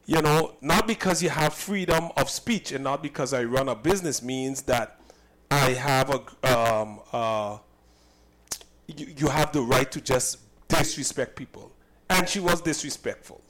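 A man's voice: mid-range voice, unhurried, a bit bright, low-quality recording. A man from Saint Kitts, a cook and business owner, recounting a personal incident in an emphatic, indignant way and often repeating himself.

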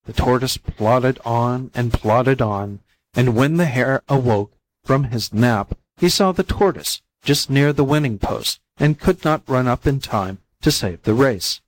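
A man reading fables aloud as a volunteer audiobook narrator, in plain, even storytelling. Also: medium pitch, measured pace, rough recording.

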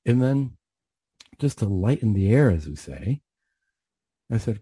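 Male clinician storyteller: low pitched, husky, reflective and earnest, restarts a lot. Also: big pitch swings, a little slow, long pauses, warm tone, dry recording. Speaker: mental health clinician. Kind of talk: radio storytelling.

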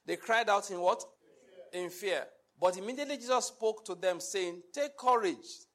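High-voiced preacher, emphatic. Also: male voice, normal speed, a bit bright. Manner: emphatic preaching, rhetorical questions. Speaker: pastor. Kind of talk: sermon.

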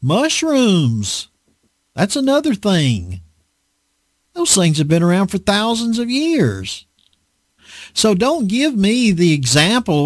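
A male preacher delivers a conversational sermon in an animated way and keeps asking his listeners rhetorical questions. His voice sits a little high and swings widely in pitch. The sound is dry and close. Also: takes it slowly, dry recording. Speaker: preacher teaching a Bible lesson.

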